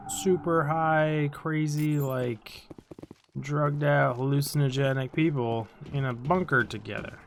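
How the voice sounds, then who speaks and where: A tired, yawning let's play host rambles casually through a video game, swearing and joking at what happens on screen. His voice is fairly high, creaky, and a bit bright.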